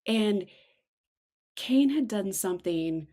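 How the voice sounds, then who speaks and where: A middle-aged woman co-hosting a casual devotional chat, slowing and softening on her reflective points. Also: expressive. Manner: acts out quoted voices with big pitch jumps. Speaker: podcast co-host.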